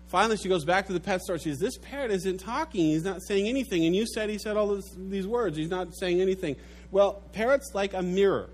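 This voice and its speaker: A preacher gives a sermon with a told joke, storytelling in an animated way and dropping low and quiet at the sad parts. His voice is somewhat high for a man, with faint noise beneath it.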